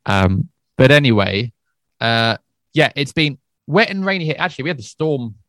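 A man co-hosting a podcast in relaxed, rambling casual chat. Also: medium pitch, moderate pace, no echo, clean studio sound. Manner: relaxed, rambling, with soft laughs. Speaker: podcast co-host.

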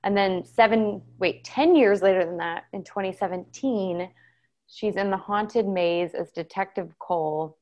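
A woman's voice: mid-range voice, a little slow, a little mellow. Matter-of-fact woman reading out a list. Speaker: podcast co-host. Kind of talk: casual chat.

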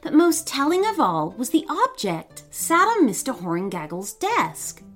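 Slow, expressive woman storyteller. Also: high-pitched. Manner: expressive, dramatic. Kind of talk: scripted children's story narration. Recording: faint background music.

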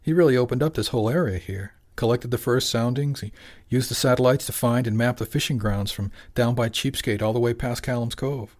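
A man's voice: medium pitch, fairly quick, darkish tone, lightly acted. Middle-aged fishing skipper, easygoing, plain-spoken, audiobook, male reader.

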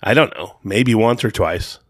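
A man's voice: lowish voice, measured pace, fairly bright tone, dry recording, clean studio sound. A man co-hosting a casual podcast, talking in a laid-back way and telling stories with playful asides. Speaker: podcast co-host.

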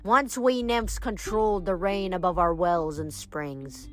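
A woman's voice: on the low side, unhurried, faint music behind, lightly acted. Woman doing a vengeful ancient water nymph. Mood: menacing.

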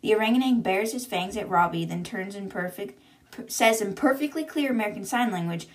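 A woman's voice: medium pitch, lively intonation, a little fast. A young woman hosting a podcast, casually recapping a book chapter by chapter and reacting as she goes. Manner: chatty, lots of fillers, reacts to the story. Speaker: podcast host.

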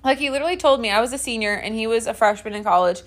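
A woman's voice: on the high side, rapid-fire. A young woman in her twenties co-hosting a podcast, chatting casually, giggling often and telling stories packed with fillers. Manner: giggly, animated storytelling with lots of fillers. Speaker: podcast co-host. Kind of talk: casual chat.

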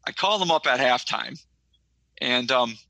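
A man's voice: medium pitch, expressive, unhurried, creaky, bright, forceful tone, dry recording, muffled recording. A middle-aged man from Michigan, a podcast co-host, telling a rambling story in casual chat with lots of fillers.

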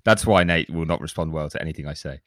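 A man with a very low voice co-hosting a casual podcast and reading listener reviews aloud. He teases the others easily. The sound is dry and close to the mic. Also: fast talker, dry recording. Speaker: podcast co-host. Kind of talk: casual chat.

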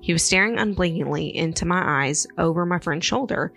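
A woman with a very low, gravelly voice retells eerie stories in a loose, rambling way. She fills her speech with "like" and "um" as she goes. Faint music plays under her. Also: fairly quick, a bit bright. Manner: rambling, filler-heavy retelling. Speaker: podcast co-host. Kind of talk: casual chat, storytelling.

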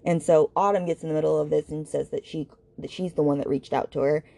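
Woman, low voice, gravelly, mellow tone, casual book recap, blunt and chatty. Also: fairly even intonation, fast. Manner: chatty, blunt, retelling scenes with quoted dialogue. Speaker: book podcast host.

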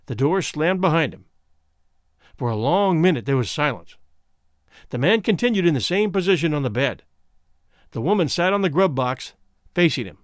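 Expressive male audiobook narrator. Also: on the high side, moderate pace, long pauses, no room sound, studio quality.

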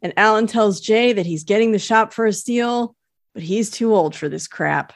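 A woman's voice: medium pitch, normal speed, dry recording, clean studio sound. A woman co-hosting a podcast, recapping a TV episode in chatty, enthusiastic casual talk. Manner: chatty, enthusiastic, laughs easily. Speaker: podcast co-host.

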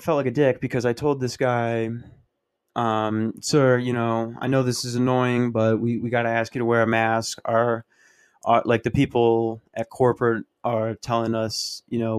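A man's voice: mid-range voice, darkish tone. A man hosting a podcast, telling a rambling, profane, self-mocking story in a casual monologue. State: dry mouth. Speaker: podcast host.

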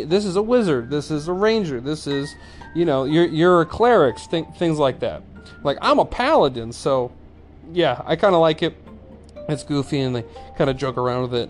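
A man's voice: medium pitch, darkish tone. Casual swearing man reviewing anime. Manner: rambling, swears freely, many "like" fillers and restarts. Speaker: anime reviewer, channel host.

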